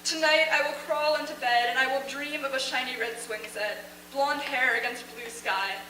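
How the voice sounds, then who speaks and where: A woman's voice: high-pitched, moderate pace, pushed and bright, recorded from a distance. A young woman student earnestly reading her own emotional first-person story aloud on a theater stage. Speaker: student reader at a showcase. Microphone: far camera in audience. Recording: echoey theater taped from afar, faint hum.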